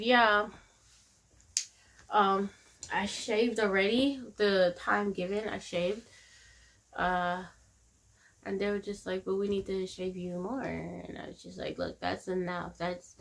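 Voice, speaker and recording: A young woman, telling a personal story in a casual vlog, candid and animated, often laughing and acting out her own pleas. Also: fairly low pitch, creaky. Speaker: vlogger.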